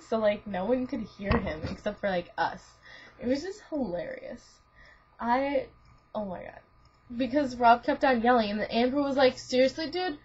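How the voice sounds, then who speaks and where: A young woman rambles through a story for a friend, full of restarts and giggles. Her voice sits a little high and breathy. The webcam recording sounds dull and lo-fi. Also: a little mellow. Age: young adult. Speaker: student vlogger. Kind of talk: casual chat to a friend. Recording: lo-fi webcam audio.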